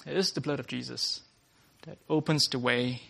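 A man's voice: medium pitch, steady tone, moderate pace, creaky, bright, forceful tone. A man preaching a sermon to a workplace gathering, earnest, often starting lines with "uh" and restating his points.

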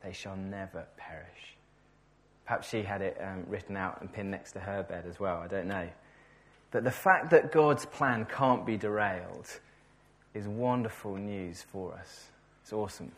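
A man's voice: lowish voice, moderate pace, a bit bright, a little hiss or hum. A man preaching a sermon in a conversational way, often repeating words and correcting himself, enthusiastic about the passage.

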